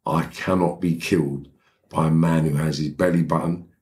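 A man's voice: rumbling low, fairly even intonation, normal speed, darkish tone. A middle-aged man with a London accent, a podcast guest telling a story in a blunt, streetwise, rambling way, checking in with "right?" as he goes. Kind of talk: casual storytelling in a podcast interview.

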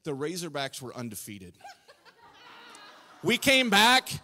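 A man's voice: on the high side, huge pitch swings, sharp tone. Earnest man speaking in a church hall. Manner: earnest and emotional, halting with restarts. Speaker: church staff member. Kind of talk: casual address to congregation. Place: church sanctuary. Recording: long reverb of a church hall.

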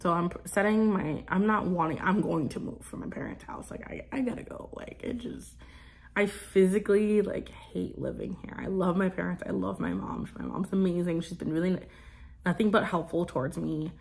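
A woman's voice: lowish voice, fairly even intonation, normal speed, creaky, a little mellow. A woman in her twenties chatting casually in a vlog, rambling with many fillers and cooing to her pet. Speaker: vlogger.

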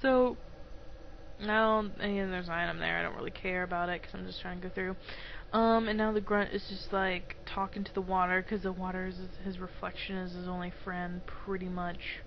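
A woman's voice: lowish voice, steady tone, moderate pace, vocal fry. A young woman giving rambling, giggly let's play commentary at home on a dull, lo-fi mic. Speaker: gamer. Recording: dull lo-fi mic with faint noise.

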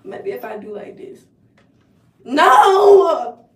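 Young woman, very high pitch, profane exasperated ranting, casual vlog, echoey room, distant from mic. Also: lively intonation, measured pace. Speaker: vlogger. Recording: roomy echo, heard from a distance.

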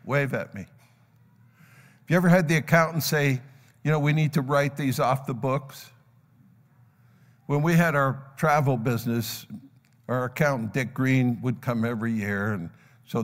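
With a mid-range voice, an older pastor tells a parable in his sermon, unhurried and pausing often as he acts out the characters. The recording carries the long reverb of a church sanctuary and sounds of a live congregation.

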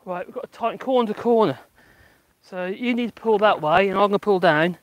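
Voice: mid-range voice, fairly quick, dull audio. A vlogger chatting casually while building a greenhouse in a windy garden, muttering to themself, swearing and laughing. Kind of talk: casual DIY chat.

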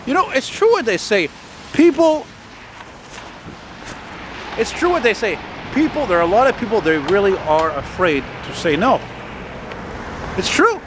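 Gruff blunt man vlogging on a street. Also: high-pitched, sing-song, a little slow, pauses often. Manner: blunt, profane, rambling; walking while talking. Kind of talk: casual walking vlog. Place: city street outdoors. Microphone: handheld camera. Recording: outdoor traffic noise. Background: street traffic.

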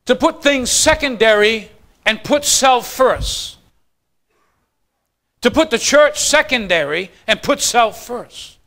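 A man preaching a sermon as pastor, swinging from quiet, low lines to fast, loud bursts. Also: lively intonation.

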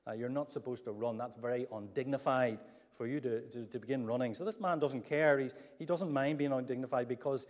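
A man's voice: mid-range voice, a little fast. Man preaching in a reverberant church. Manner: earnest storytelling, acts out quoted speech. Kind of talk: sermon. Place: church hall. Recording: long church hall reverb.

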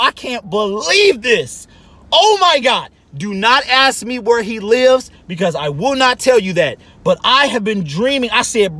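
Excitable vlog host, high bright voice, swoops up and down a lot, gushing and breathless. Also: male voice, measured pace, no echo. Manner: breathless, gushing, repeats exclamations. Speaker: sports channel host and delivery driver.

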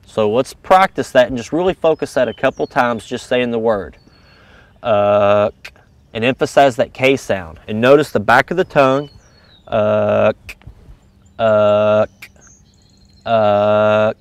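A man's voice: mid-range voice, lively intonation, a little fast, few pauses, dry recording. A man teaching goose calling in a casual, step-by-step coaching manner. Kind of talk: instructional video lesson.

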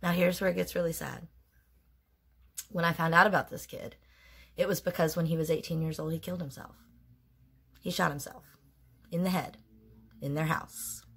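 A woman's voice: deep voice, fairly even intonation, moderate pace, creaky, pauses often, breathy edge. A woman in her forties telling a painful personal story in a candid vlog, blunt and emotionally raw, with frequent swearing.

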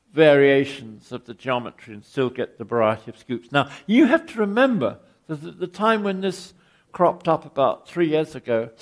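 An older Englishman lectures on architecture in a wry, meandering way, tripping over his own words as he goes. His voice is gravelly and sits a little high for a man. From England. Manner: rambling, wry, with frequent restarts. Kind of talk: anecdotal public lecture.

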